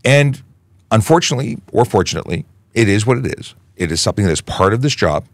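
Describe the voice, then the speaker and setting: A man with a low voice from Canada, a police officer hosting a casual livestream Q&A. He talks in a chatty, animated way, with a very lively pitch, doubling back on his words. The sound is dry and close to the mic. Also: fast talker, no echo. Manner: conversational, animated, many restarts and asides.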